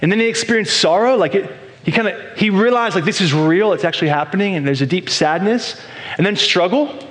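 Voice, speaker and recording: High-voiced man preaching, echoey room. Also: animated, fairly quick, fairly bright tone, a little hiss or hum. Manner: conversational, repeats words while building points. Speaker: pastor. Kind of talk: sermon.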